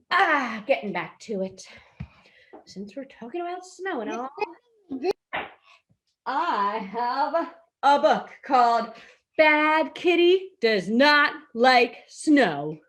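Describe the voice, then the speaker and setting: A woman who lives in a hot desert city in the western US teaches an online preschool class, reading a storybook aloud, gasping, and asking the children questions. Her voice is on the high side and a bit bright.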